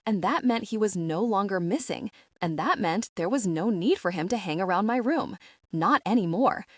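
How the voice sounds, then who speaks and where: A young woman narrates a first-person young adult audiobook, confiding and wry, with a mid-pitched voice. The sound is dry and close to the mic. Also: no echo.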